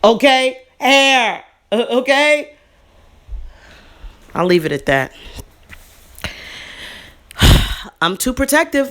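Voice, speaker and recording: A woman in her thirties or forties, a vlogger telling a personal story in a heated, casual monologue. She is indignant and animated, with fillers and slang. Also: a little slow, long pauses. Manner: indignant, animated, swings up in pitch for emphasis.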